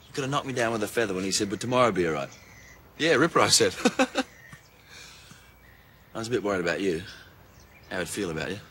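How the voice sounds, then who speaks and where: An actor playing an easygoing young man, a devoted son who talks in a chatty, gently coaxing way. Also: lowish voice, lively intonation, fast talker, pauses often, a little hiss or hum. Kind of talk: film acting.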